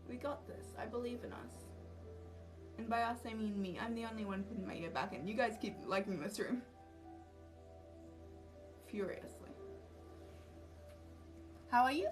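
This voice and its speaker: A young woman chatting casually to a livestream audience, self-mocking and easily sidetracked. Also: on the high side. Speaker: cosplay livestreamer. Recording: distant mic with music behind. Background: background music.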